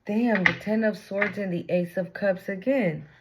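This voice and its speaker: A woman's voice: medium pitch, measured pace, noisy background. A woman giving a casual tarot reading, blunt and profane, full of slang. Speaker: tarot reader.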